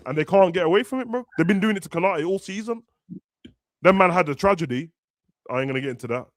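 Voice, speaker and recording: A man's voice: sits high, expressive, fast talker, no room sound. A young man, chatting casually and ranting animatedly as a football podcast host. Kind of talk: casual chat.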